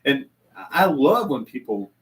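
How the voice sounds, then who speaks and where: A man with a mid-range, very animated voice and a moderate pace hosts a casual whiskey tasting chat at a bar. He is enthusiastic and full of stammering restarts, picked up by a distant mic.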